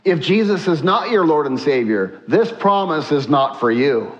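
The lo-fi recording captures a male pastor with a slightly high voice preaching at a moderate pace. His energetic, exclamatory sermon is full of "uh" fillers, and he asks the congregation to read verses aloud with him.

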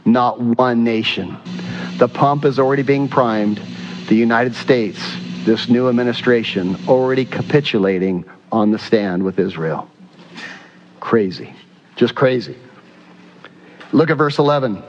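A man preaching to his congregation, reading scripture and calling out questions for the room to answer. His voice is of middle pitch. It sounds a little dull and rings through a large church hall with a long tail. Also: a little slow, a little hiss or hum. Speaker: pastor. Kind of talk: sermon. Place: church sanctuary.

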